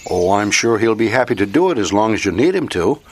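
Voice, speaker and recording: A kind older mentor. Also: male voice, lowish voice, sing-song, fast talker. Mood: comforting. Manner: gentle, reassuring. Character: kindly older man, gentle mentor. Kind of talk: radio drama acting.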